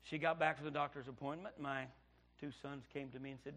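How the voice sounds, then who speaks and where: A middle-aged male pastor, telling his story in a sermon, dropping to hushed tones and then bursting out loud. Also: mid-range voice, fairly even intonation, brisk. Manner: preaching with sudden loud outbursts and hushed storytelling. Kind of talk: sermon testimony.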